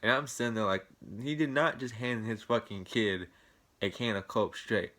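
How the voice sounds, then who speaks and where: A man's voice: lowish voice, moderate pace, pushed and bright. A young man telling a storytime tale to camera, rambling and indignant, swearing often. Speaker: vlogger. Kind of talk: casual storytime rant.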